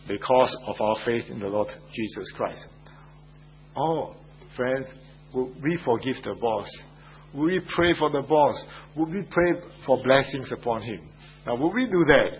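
A man at a middle pitch preaches a sermon, leaning hard on repeated phrases and putting questions straight to his listeners. His voice comes through a dull, lo-fi radio broadcast with a faint hum under it.

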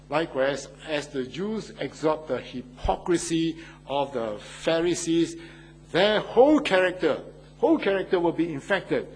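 A pastor preaching a sermon, telling stories with rising emphasis and playful asides. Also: male voice, medium pitch, slight background noise, poor audio. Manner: animated storytelling, rising loud for emphasis.

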